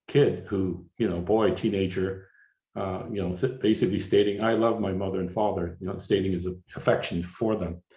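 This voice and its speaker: A Canadian artist in his 60s gives a slide lecture in a low, warm voice, halting often and restarting his sentences. He fills his speech with "uh" and "you know," and the room echoes like a lecture hall.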